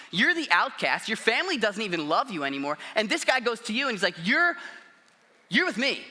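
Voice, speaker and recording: A man's voice: high voice, bright, forceful tone. A man preaching a sermon in a casual, conversational way, often acting out quotes. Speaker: pastor.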